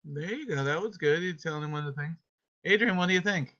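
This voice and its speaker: A teacher leads a homeschool lesson over a video call, calling on students one by one in a playful way. The voice is bright and forward. The call audio sounds dull and lo-fi. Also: medium pitch, fast. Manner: playful, calls on students by name. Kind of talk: online homeschool class with scripture reading.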